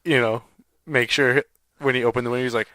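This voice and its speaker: A man's voice: medium pitch, steady tone, bright, forceful tone, no echo. A man co-hosting a podcast, bantering and laughing through stories. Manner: bantering, laughs, quick asides. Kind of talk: casual chat.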